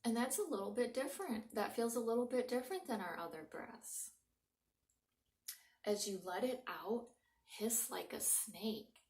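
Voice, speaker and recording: A woman leading young children through a breathing lesson in a soft, encouraging voice that sometimes drops to a whisper. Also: fairly high pitch, animated, measured pace. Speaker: children's librarian leading a mindfulness story time. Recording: roomy home recording from a distance.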